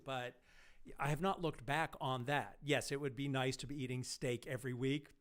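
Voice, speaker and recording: A middle-aged man hosting a live stream interview, animated and quick to laugh. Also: mid-range voice, clean tone. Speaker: host.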